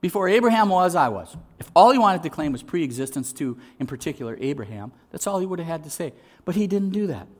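His voice sitting on the high side, a middle-aged pastor gives a sermon that shifts from energetic, loud storytelling to soft, unhurried emphasis.

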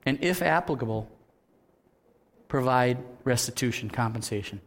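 A man preaching a sermon as pastor, who acts out quoted voices in an animated way and drops to a soft voice for his earnest points. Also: mid-range voice, moderate pace.

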